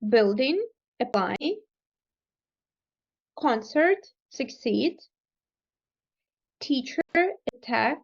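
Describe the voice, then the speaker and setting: Slow, careful woman practicing pronunciation. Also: on the high side, expressive, vocal fry, breathy edge. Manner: slow, careful repetition of words. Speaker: student. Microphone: video call. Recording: dull lo-fi video call audio.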